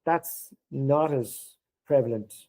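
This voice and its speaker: In a slow, medium-pitched voice, a middle-aged podcast guest relates stories from work in easygoing conversation. The recording is low quality. He's animated, acting out the quoted dialogue in a raised voice.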